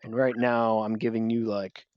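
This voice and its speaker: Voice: mid-range voice, little pitch movement, normal speed, dry recording, highs cut off. A game master running a tabletop game in a casual, rambling way with many fillers.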